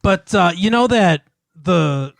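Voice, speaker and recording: A man with a fairly high voice tells a film's plot in loose, rambling chat, stumbling through fillers and restarts and laughing often. He swears casually as he goes. The sound is dry and close, with no room echo. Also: animated, slow pace, creaky. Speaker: podcast co-host.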